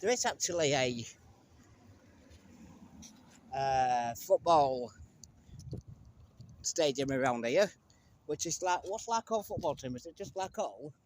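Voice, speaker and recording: A man's voice: a little high, lively intonation, measured pace, a little hiss or hum. A man from England chatting and joking to the camera as he walks through town streets. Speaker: vlogger. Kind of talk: casual walking vlog narration.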